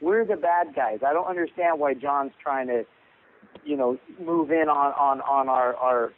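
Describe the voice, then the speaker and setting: A man's voice: on the high side, lively intonation, unhurried. Man telling a story over a tinny phone line. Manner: rambling, repeats words, acts out quotes. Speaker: boxing coach guest. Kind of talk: storytelling on a podcast call. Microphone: phone call.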